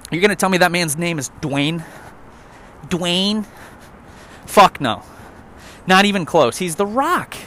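A man's voice: high-pitched, expressive, slow, pushed and bright, a little hiss or hum. A young man rambling and joking with lots of swearing while walking a trail outdoors. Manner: profane, rambling, jokey. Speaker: vlogger. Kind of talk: casual rant while walking.

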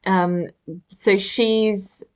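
A woman's voice: mid-range voice, fairly even intonation, very slow, clear, resonant tone. A young woman co-hosting a casual film-review chat, sarcastic and full of "like" asides. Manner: chatty, sarcastic, lots of "like" and quoted asides. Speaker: podcast co-host.

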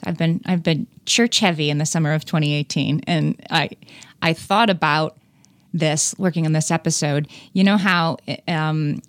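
Woman podcast host, lower voice, chatty and self-correcting, dry studio sound. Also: no room sound. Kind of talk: casual conversation.

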